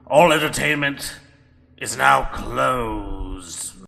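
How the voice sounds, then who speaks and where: A man's voice: on the low side, measured pace, vocal fry, bright, forceful tone, slightly rough, heavily acted. A man voicing a curt, businesslike male dwarf organizing a fair. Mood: announcing. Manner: curt, dismissive.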